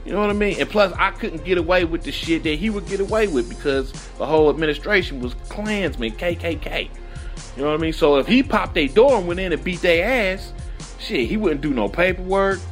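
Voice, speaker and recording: High-voiced man telling prison stories. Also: animated, a little fast, soft background music. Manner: profane, laughs often, acts out quotes. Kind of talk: casual podcast storytelling.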